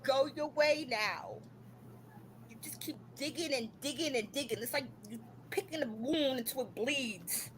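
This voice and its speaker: A woman's voice: sits high, measured pace, noisy background. A woman hosting a live stream from home, scolding and ranting in an exasperated, repetitive way. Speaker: livestream host. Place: home room.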